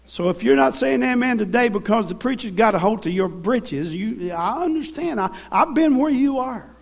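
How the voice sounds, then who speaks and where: This Southern US preacher has a very high, gravelly voice with lively intonation, delivered at a normal speed. He tells homespun stories from the pulpit and draws amens from the congregation, trading calls and responses with them.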